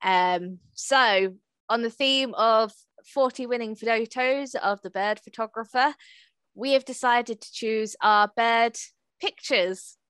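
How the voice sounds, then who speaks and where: English woman hosting a podcast, dry close sound, relaxed and easy. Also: fairly high pitch, slow, smooth, no room sound. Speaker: podcast co-host. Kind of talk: casual chat.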